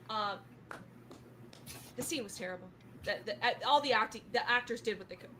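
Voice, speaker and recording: A woman's voice: a little high, a little fast, long pauses, bright, forceful tone. A woman narrating as game master of a tabletop game, describing scenes in a chatty way with many fillers.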